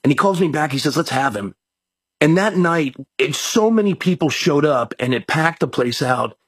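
A man's voice: a little high, animated, moderate pace, slightly rough, no echo. A man who is a mayor and a pastor, telling a long story in a rambling, folksy way and repeating his words as he goes. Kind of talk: storytelling in a conversation.

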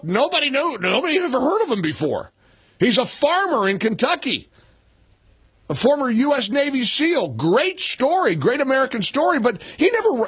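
A man's voice: very high voice, fairly bright tone, husky, dry recording. A man in his sixties hosting a talk radio show, speaking emphatically and repeating points for punch. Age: 60s. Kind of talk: opinionated political talk radio.

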